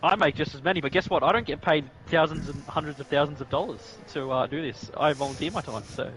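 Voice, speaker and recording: A man's voice: a little high, quick pace, a bit bright, rough recording. A man hosting a live sim racing stream, commentating the race with joking banter that picks up when the action heats up.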